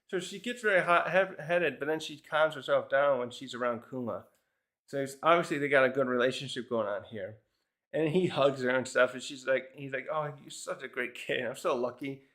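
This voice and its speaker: A man's voice: mid-range voice, moderate pace, a bit bright. A man casually reviewing a comic chapter, rambling through the scenes with lots of fillers and little chuckles. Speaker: manga reviewer.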